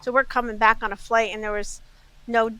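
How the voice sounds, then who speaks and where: Bubbly New York woman, bright voice. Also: on the high side, a little fast, clean tone, dry recording, rough recording. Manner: bubbly, animated storyteller. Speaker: jewelry store owner, guest. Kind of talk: casual chat.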